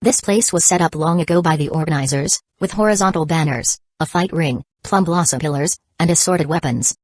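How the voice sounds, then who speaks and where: A woman narrating an audiobook in a steady, even storytelling manner. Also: low voice, a little fast, no room sound. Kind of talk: scripted narration.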